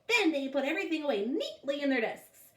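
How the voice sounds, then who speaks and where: A sulky, boastful little bully of a schoolboy, put on by a woman reading a storybook, pitched high and swooping up into whiny shouts. The sound is roomy and echoing, picked up from a few feet off the mic. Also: big pitch swings, fairly quick. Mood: scornful. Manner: whiny, loud and high when upset. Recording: echoey room, far from the mic.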